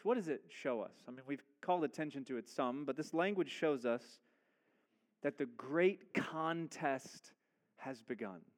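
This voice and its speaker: A man preaching a sermon, speaking emphatically and asking rhetorical questions as he builds his points. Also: a little high.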